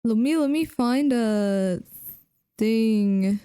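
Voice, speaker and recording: Woman streamer for game commentary, playful, laughs a lot, slow and mellow delivery. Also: fairly high pitch, clean tone. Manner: playful, laughs often, talks to viewers.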